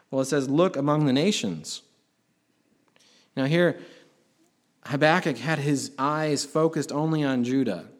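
Emphatic conversational male preacher. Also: mid-range voice. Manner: conversational and emphatic, with sudden swells in volume. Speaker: pastor. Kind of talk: sermon.

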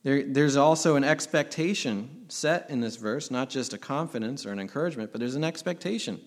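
A man's voice: medium pitch, animated, fairly quick. Earnest man preaching a sermon. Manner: earnest, emphatic preaching with rhetorical questions. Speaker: pastor.

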